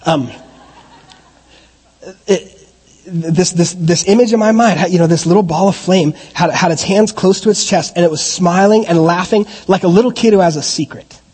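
A middle-aged man preaches a sermon in a church, his voice husky and pitched fairly high. He swings between loud, animated preaching and relaxed storytelling full of restarts. Long reverb trails each phrase through the hall. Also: normal speed. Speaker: pastor.

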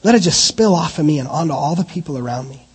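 A middle-aged man preaching a sermon, swinging from loud animated preaching to relaxed storytelling full of restarts. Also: fairly high pitch, quick pace, slightly rough, big-room sound. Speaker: pastor.

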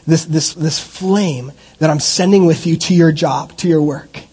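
A middle-aged man preaches a sermon in a church, his voice husky and pitched fairly high. He swings between loud, animated preaching and relaxed storytelling full of restarts. Long reverb trails each phrase through the hall. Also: unhurried. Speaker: pastor.

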